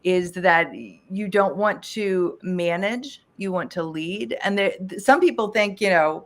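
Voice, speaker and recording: A woman's voice: medium pitch, normal speed, few pauses, fairly bright tone. Fields: Woman. Role: emphatic podcast guest. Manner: talkative and emphatic, many restarts. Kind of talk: casual interview chat.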